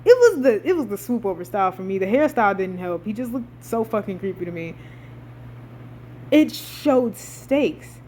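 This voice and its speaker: A woman's voice: medium pitch, moderate pace, a little hiss or hum. Swearing young woman ranting. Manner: animated, swears a lot, dramatic rising outbursts. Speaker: vlogger. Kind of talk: casual rant about a TV show.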